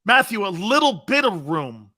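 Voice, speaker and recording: A man hosting a sports talk show, brash and loud, laughing a lot, swearing and answering chat comments. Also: sits high, big pitch swings, normal speed. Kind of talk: casual sports radio chat.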